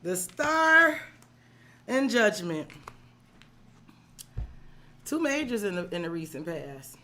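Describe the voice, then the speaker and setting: A woman's voice: medium pitch, very animated, takes it slowly, bright, forceful tone. Chatty, salty woman tarot reader. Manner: casual, profane, chatty slang; addresses the client directly, checking in with "right?". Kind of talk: live tarot reading stream.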